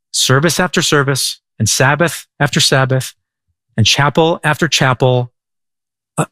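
Lively, bright-voiced male pastor preaching. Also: a little high, dry recording. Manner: lively, conversational preaching with humor. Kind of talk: sermon.

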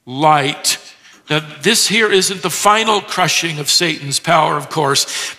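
Male preacher, emphatic teaching delivery, very bright tone, rhetorical questions. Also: a little high, big-room sound. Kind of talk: expository sermon.

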